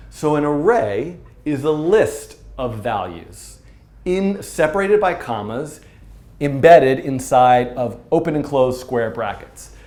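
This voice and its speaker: A man gives an informal coding lesson at a whiteboard in a studio room, thinking aloud in a casual, playful, self-mocking way. His voice is medium-pitched with a darkish tone, and the room has a noticeable echo.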